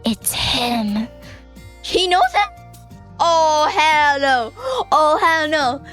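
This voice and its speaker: A woman streamer reacts to a visual novel with loud, excitable outbursts and laughter. Her voice is high-pitched. Faint music plays behind her. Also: drawn-out words.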